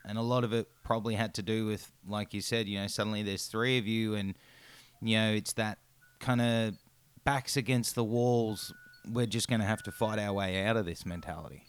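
A man's voice: fairly low pitch, clear, resonant tone. A man hosting a podcast interview, asking long, run-on questions with many ums. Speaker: podcast host. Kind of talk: casual interview.

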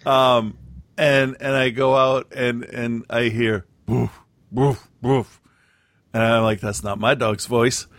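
A man's voice: medium pitch, level tone, a little slow, a bit bright, no room sound. A man co-hosting a podcast, telling stories in a rambling, hesitant way with many fillers. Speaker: podcast co-host. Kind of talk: casual chat.

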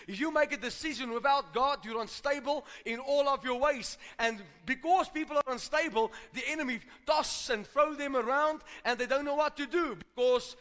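A man's voice: very high voice, a bit bright. A man preaching a sermon in a church, emphatic and repetitive, calling out to the congregation. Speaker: pastor. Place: church hall. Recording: reverberant church hall.

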